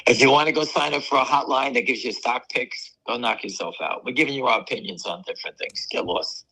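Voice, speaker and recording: A man co-hosting a stock market talk show, hoarse from allergies, talking bluntly and dismissing critics. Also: mid-range voice, fairly quick, pushed and bright, rough recording. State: hoarse, losing his voice from allergies. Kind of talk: casual market talk with a co-host.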